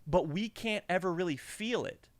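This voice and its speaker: A young man co-hosting a podcast, telling a story in a casual, animated way, acting out the people in it and swearing freely. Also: high-pitched, moderate pace, dry recording. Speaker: podcast co-host.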